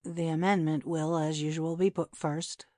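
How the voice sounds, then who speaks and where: A woman's voice: low-pitched, flat delivery, moderate pace, a little mellow, voice pushed down, lightly acted. A woman reading an audiobook, voicing a male committee chairman who speaks in a clipped, mechanical way.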